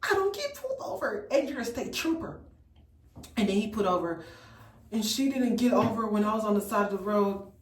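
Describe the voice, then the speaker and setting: A woman from Memphis telling a storytime in an animated, incredulous, chatty way. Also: medium pitch, fairly quick, echoey room, distant mic, poor audio. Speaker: vlogger. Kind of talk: storytime vlog.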